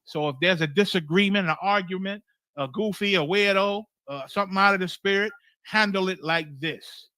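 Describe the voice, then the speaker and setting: A man's voice: sits high, moderate pace, sharp tone, clear, resonant tone, dry recording. A man leading a scripture class, preaching in a loose, streetwise way with profanity and acted-out exchanges.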